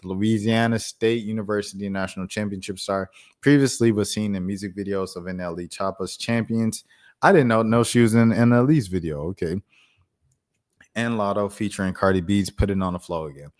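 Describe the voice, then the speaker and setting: A man hosting a live stream and chatting casually, reacting to news in loose slang and thinking out loud. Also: fairly low pitch, a little fast. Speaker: streamer host.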